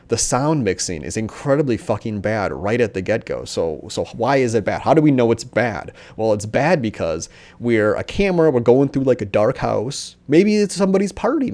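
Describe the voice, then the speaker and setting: A man's voice: mid-range voice, big pitch swings, normal speed, few pauses, darkish tone. A young man reviewing a movie in a casual, profane rant, rambling with lots of fillers and sarcasm.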